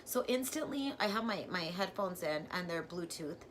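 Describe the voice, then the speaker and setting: A woman vlogger telling a personal story in a casual, chatty way, full of "like" and with sudden jumps from quiet to loud. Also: lowish voice, normal speed, a little hiss or hum. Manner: chatty and filler-heavy, says "like" constantly; animated, with sudden swings from hushed to loud.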